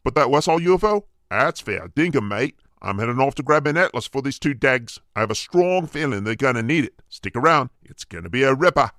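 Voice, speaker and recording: A cheeky, blunt Australian bloke with a broad, slangy Australian accent, as a man puts him on for a comedy podcast bit. The voice sits at a middle pitch and sounds dry and close to the mic. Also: expressive, fairly quick, hardly any pauses, a bit bright, no room sound. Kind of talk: comic sketch bit.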